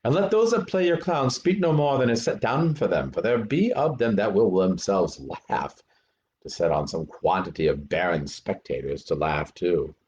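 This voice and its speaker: A man reading a play aloud as Hamlet, an earnest young prince lecturing actors, with animated, deliberate verse delivery. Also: low-pitched, slight background noise. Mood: instructing. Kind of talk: amateur dramatic reading. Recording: dull lo-fi recording.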